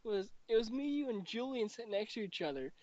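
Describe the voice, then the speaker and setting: A man's voice: sits high, brisk, no room sound. A young man hosting a casual podcast chat, telling stories with lots of swearing and acting out the other people in them. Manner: profane, animated storyteller who acts out others. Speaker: podcast host. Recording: dry, dull lo-fi recording.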